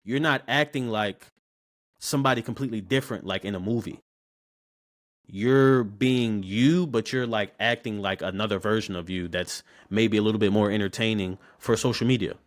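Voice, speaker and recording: Animated young man. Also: fairly low pitch, moderate pace. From Baltimore, USA. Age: 20s. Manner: animated, slangy, repeats words when starting sentences. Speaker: podcast guest, barber. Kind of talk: casual interview storytelling.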